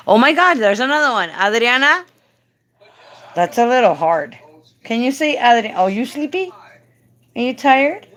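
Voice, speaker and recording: Slow-talking woman, fond and coaxing. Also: fairly high pitch, very animated, a bit bright. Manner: doting, coaxing, talks to him tenderly. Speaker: live-stream host. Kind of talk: casual live-stream chat.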